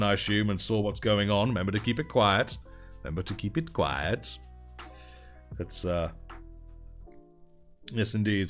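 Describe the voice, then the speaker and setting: A man hosting a casual livestream, chatting and thanking viewers while he paints miniatures. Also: on the low side. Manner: chatty, reads out and thanks chat while painting, laughs often. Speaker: livestream host.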